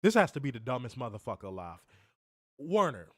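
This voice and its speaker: A man co-hosting a wrestling review, his voice worn and hoarse, ribbing his co-host with profane mock threats. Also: medium pitch, very animated, a little fast, no echo, studio quality. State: losing his voice. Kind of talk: casual podcast banter.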